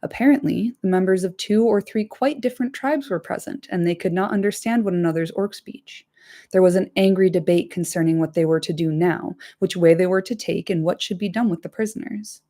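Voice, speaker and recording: A woman's voice: lowish voice, fairly quick, dark tone. A woman hosting a book reading, narrating and breaking off into casual asides to live chat with some swearing. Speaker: host reading a book aloud.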